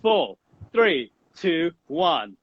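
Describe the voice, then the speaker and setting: A man's voice: fairly high pitch, sing-song, very slow, no room sound, dull audio. A man hosting a podcast interview with Indian English speech, who sets playful challenges and counts down in an upbeat, teasing way. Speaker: podcast host.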